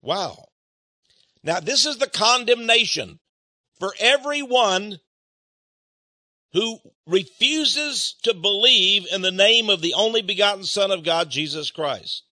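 An older man preaching a sermon in an animated way, acting out quoted people and swinging between loud and soft. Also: high voice, unhurried, dry recording, clean studio sound.

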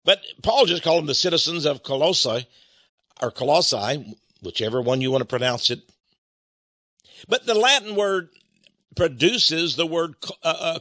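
Male preacher, Texan accent, bright forceful voice, folksy sermon, dry close sound. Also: on the high side, no echo. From Texas. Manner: folksy, varies pace, slows for emphasis.

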